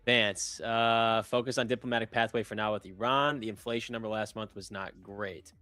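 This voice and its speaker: A man's voice: lowish voice, normal speed, dry recording, soft background music. A man co-hosting a live trading stream, joking casually and reading out market headlines. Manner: relaxed, joking, reads market news aloud.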